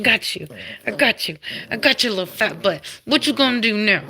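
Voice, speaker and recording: A woman's voice: mid-range voice, expressive, a little fast, sharp tone. A woman breeding dogs, chatting casually on a livestream and teasing her puppies in a playful scolding way. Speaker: dog breeder hosting a livestream.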